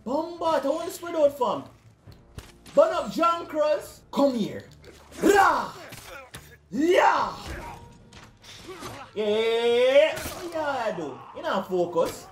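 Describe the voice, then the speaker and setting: A young man gives rowdy, slang-heavy commentary while he plays. His voice sits high and swings widely in pitch. The recording is roomy, with faint game music behind him. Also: sing-song, measured pace. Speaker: gaming video creator. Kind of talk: gameplay commentary.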